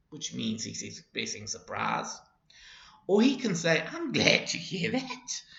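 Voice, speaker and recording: A man explains an English exercise at a very slow, careful pace, his voice heavy with fry. The sound is roomy and echoing, with a dull, lo-fi quality. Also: medium pitch, pushed and bright. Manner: deliberate, with acted example phrases. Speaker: English teacher.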